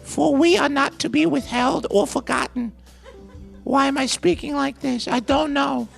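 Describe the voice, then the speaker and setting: A man putting on a high, floaty Gen Z voice. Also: a little slow, creaky, soft background music, full character voice. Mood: airy, lofty. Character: airy young Gen Z person, vague and lofty.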